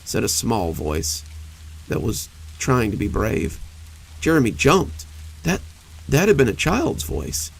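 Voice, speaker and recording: An older man narrating cozy horror stories in a slow, intimate way. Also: mid-range voice, huge pitch swings, gravelly, slight background noise, rough recording. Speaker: horror storyteller.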